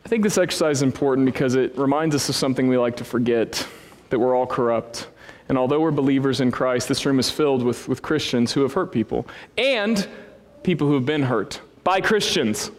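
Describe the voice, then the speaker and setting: A man preaching as a pastor, telling a self-deprecating story with big swings in pitch. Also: a little fast. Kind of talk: sermon. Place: church hall with a congregation. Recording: long reverb of a church hall.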